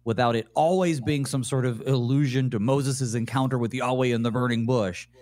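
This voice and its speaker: Thoughtful pastor musing aloud. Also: male voice, mid-range voice, fairly even intonation, moderate pace, darkish tone, no room sound. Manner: thoughtful, tentative, many fillers. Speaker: pastor, guest. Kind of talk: conversational Bible study discussion.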